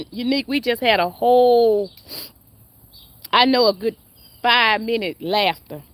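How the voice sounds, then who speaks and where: A woman's voice: a little high, slow, long pauses. A woman, chatting and laughing with viewers on a casual live stream. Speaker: livestream host.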